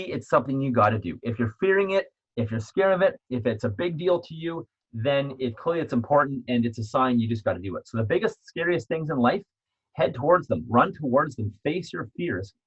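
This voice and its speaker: A man with a husky, slightly breathy voice delivers an earnest motivational talk, circling back on his points and restarting phrases as he goes. The sound is dull and a little lo-fi, and his pitch sits in an ordinary middle range. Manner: earnest, repetitive, frequent restarts. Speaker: motivational speaker and author. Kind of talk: motivational self-help talk.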